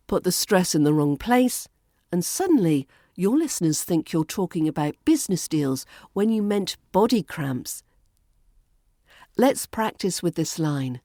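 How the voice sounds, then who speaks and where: A woman with a British RP accent teaching pronunciation as an accent coach, enunciating slowly and deliberately with playful asides. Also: on the low side, mellow, dry recording, studio quality. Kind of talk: pronunciation lesson.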